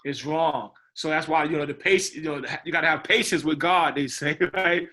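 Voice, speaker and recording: A man's voice: fairly high pitch, fairly even intonation, moderate pace, pushed and bright. A man, a film director, talking casually in an interview, rambling with many repeated words and asides. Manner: rambling, repeats words, says "you know what I mean".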